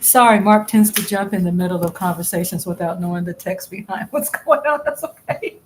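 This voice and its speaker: A livestream host talks casually as she works, rambling, laughing frequently and trailing off mid-sentence. Her voice is mid-range and she speaks briskly. There's slight background noise, and the recording quality is low.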